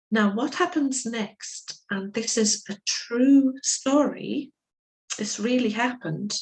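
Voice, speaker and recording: Slow, deliberate woman lecturing. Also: medium pitch, poor audio. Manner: slow, deliberate storytelling, acting out quoted speakers. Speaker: legal English teacher. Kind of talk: lecture with case stories.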